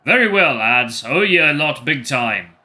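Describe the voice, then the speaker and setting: A man voicing a middle-aged male bull, a seasoned fighter, speaking loudly in a put-on regional accent while reading a game aloud. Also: medium pitch, moderate pace, low-quality recording. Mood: weary.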